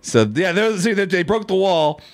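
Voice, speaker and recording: A man's voice: high-pitched, normal speed. A man co-hosting a podcast in casual chat, telling a story with profanity and laughter. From California. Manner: animated storytelling, profane, laughing, voices people in quotes. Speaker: podcast co-host.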